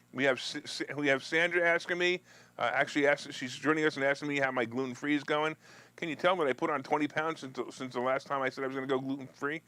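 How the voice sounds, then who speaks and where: Joking talk show host, dry close sound. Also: male voice, a bit bright, no echo. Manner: loose and joking, with restarts and asides to viewers; mocks opponents in a whiny high voice. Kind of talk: live-streamed political and finance chat.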